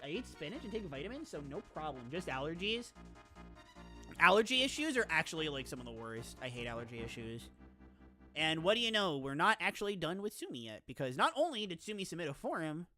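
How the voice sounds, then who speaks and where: A woman VTuber streamer chatting casually on stream, excitable and gushing, laughing often and rambling into asides. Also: low-pitched, brisk, faint music behind. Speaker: VTuber streamer reacting to viewer game lists. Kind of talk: casual live-stream chat.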